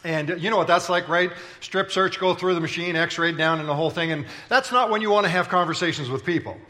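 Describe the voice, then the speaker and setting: A man's voice: fairly high pitch, fairly quick, bright, forceful tone. A man preaching a sermon as pastor, telling stories in a playful, conversational way and bantering with the congregation. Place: large church auditorium.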